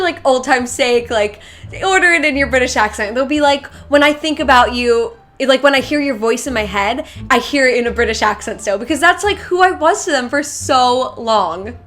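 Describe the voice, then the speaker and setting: A woman's voice: sits high, fairly bright tone. A young woman vlogger telling a casual storytime to her viewers, chatty and full of "like", animating the retelling. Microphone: seated to camera.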